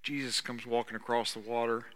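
A man preaching a sermon as pastor, talking conversationally and swinging between loud stretches and hushed ones. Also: medium pitch, little pitch movement, brisk. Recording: long reverb of a large hall.

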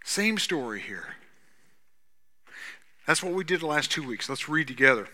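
Bright-voiced preacher man in a reverberant hall. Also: fairly high pitch, animated, normal speed. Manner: conversational preaching, swinging between loud and hushed. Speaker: pastor. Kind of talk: sermon. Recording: long reverb of a large hall.

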